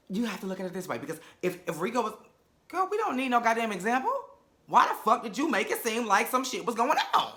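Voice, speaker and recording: A sassy man rants through a reality show recap in a bright, forceful voice that sits a little high. He talks in a casual, animated way, full of profane, campy asides. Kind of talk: casual episode review.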